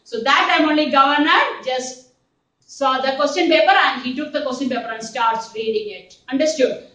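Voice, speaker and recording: A woman teacher with an Indian English accent, explaining a story to her class in an animated way and checking often that the students follow. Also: high voice, normal speed. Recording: roomy echo, voice from a distance.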